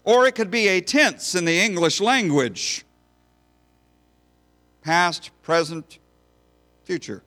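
A man delivering a sermon at an unhurried pace. He talks in a folksy, storytelling way, easing his listeners into the point. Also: high voice, expressive, sharp tone. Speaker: pastor.

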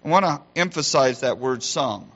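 A man's voice: a little high, unhurried, fairly bright tone. Earnest preaching man, dull recording. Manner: earnest preaching, varied emphasis, rhetorical questions. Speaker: pastor. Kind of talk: sermon.

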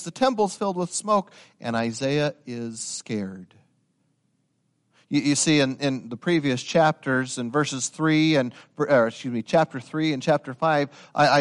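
A man preaching a sermon, swinging from quiet explanation to loud, rising dramatic passages and talking to his listeners directly. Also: mid-range voice, slow, smooth. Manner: addresses listeners as guys.

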